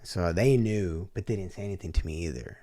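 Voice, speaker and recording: Deep-voiced male guest from Oklahoma, animated storyteller, dry close recording. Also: fairly quick, no room sound. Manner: animated, acts out quoted voices with frequent restarts. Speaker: podcast guest. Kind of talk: casual storytelling.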